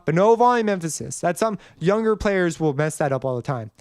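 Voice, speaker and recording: A man's voice: a little high, animated, a little fast, darkish tone, clean tone, dry recording, clean studio sound. A young man casually explaining music theory in a tutorial, rambling a little and singing short notes to demonstrate. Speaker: music composition teacher. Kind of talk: screen-recorded tutorial.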